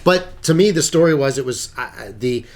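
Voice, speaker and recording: A man co-hosting a casual podcast chat, telling movie stories with big playful jumps in his voice. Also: brisk. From Illinois, USA. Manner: animated storyteller, jumps pitch when joking. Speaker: podcast co-host.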